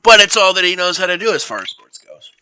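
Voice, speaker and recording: Bright-voiced rambling young man. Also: high voice, big pitch swings, fast, smooth. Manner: rambling, self-correcting, playful. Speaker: streamer. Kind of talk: casual improvised storytelling.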